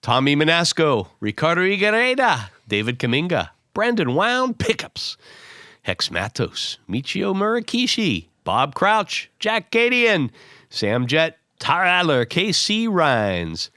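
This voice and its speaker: A hoarse man with bronchitis co-hosting a podcast, reading names with playful banter. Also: a little high, wildly swooping pitch, slow pace, sharp tone, no room sound, clean studio sound. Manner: playful, reads a long list of names. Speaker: podcast co-host. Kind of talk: casual chat.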